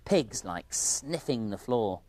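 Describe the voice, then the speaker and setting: A woman presenting a children's TV show, narrating in a gentle sing-song and praising the children by name. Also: extremely low pitch, expressive, slow pace.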